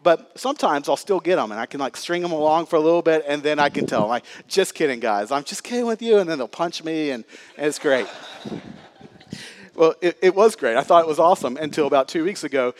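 A man's voice: a little high, fast. A man in his thirties, a pastor giving a sermon in a church, talking casually with fillers and stories. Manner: casual, chatty storytelling with laughs and fillers.

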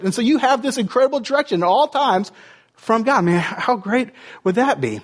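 A man's voice: very high-pitched, animated, brisk. A man preaching a sermon in a conversational way, full of rhetorical questions and "like" and "you know" fillers. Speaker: pastor.

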